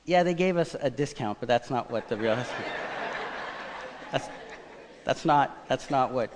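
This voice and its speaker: A man preaching a sermon, telling a personal story in a conversational, animated way. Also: mid-range voice, a little slow, noisy background. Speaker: pastor. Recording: long church reverb.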